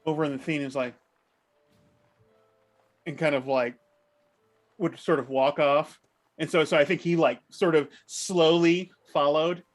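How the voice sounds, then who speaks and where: A man's voice: on the high side, fairly even intonation, unhurried, pauses often, faint music behind. A man at a tabletop game talks through what his character is doing. He rambles and hesitates, circling back with lots of ums and kind-ofs. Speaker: player.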